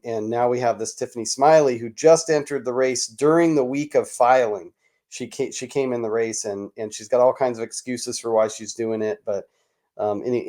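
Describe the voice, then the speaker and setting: Mellow-voiced male candidate guest. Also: mid-range voice. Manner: eager, agreeable, lots of yeahs and fillers. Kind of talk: casual interview talk.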